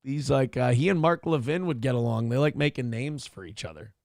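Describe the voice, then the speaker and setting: A man's voice: medium pitch, lively intonation, fairly quick, a little mellow, dry recording, studio quality. A man hosting a morning show, mocking a clip in a sarcastic, profane rant. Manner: sarcastic, ranting, swears freely. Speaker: show host reacting to clips.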